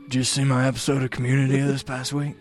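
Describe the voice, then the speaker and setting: A man's voice: medium pitch, completely flat delivery, fast talker, soft background music, pitched below the performer's own voice, lightly acted. A man doing a wide-eyed alien-theory TV guy. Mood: awed.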